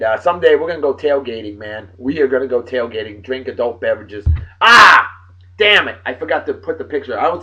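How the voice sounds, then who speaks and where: A man hosting a casual vlog, giving loud shout-outs and stretching out names for emphasis. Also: fairly high pitch. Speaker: vlog host. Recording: dull lo-fi sound.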